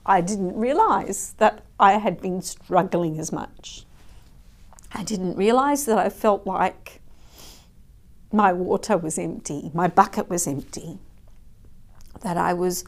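A woman giving a personal devotional talk, earnest and storytelling, dropping to a hush at tender moments. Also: mid-range voice, slow. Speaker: Christian speaker.

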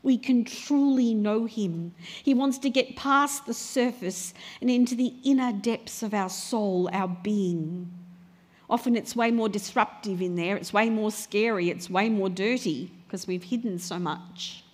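Woman preaching in a reverberant hall. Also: mid-range voice. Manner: earnest, varied pace with slow emphatic repeats. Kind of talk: sermon.

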